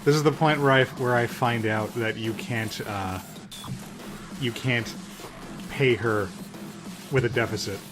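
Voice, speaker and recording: Halting man explaining his gameplay. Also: mid-range voice. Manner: halting, restarts phrases while explaining. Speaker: podcast co-host and player. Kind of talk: casual gameplay commentary. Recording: faint game music behind.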